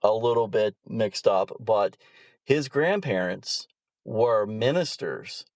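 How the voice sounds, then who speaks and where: A man's voice: lowish voice, lively intonation, slow, a little mellow, no echo. A man hosting a podcast interview, reacting briefly and asking loose, rambling questions. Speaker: podcast host. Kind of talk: casual interview.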